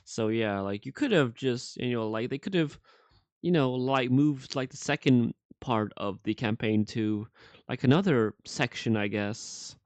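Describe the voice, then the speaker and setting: A man hosting a casual reaction chat with a sore throat, halting and full of filler words. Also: mid-range voice, a little mellow, dry recording. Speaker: reaction channel host.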